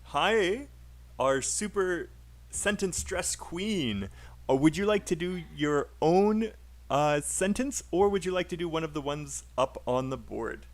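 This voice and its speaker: A man's voice: on the high side, animated, slow. A man teaching a live online English speaking class, encouraging and laughing often.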